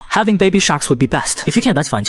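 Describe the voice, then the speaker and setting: Man doing male shark, smug, pushy, possessive, quick talker, a bit high. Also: sing-song. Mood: teasing. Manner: teasing, persistent, possessive. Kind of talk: comic recap narration.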